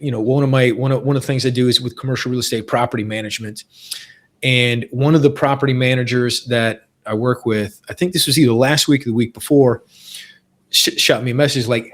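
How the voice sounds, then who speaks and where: A man's voice: mid-range voice, fairly bright tone. A man hosting a podcast in casual conversation, talking earnestly and repeating phrases for emphasis. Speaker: podcast host.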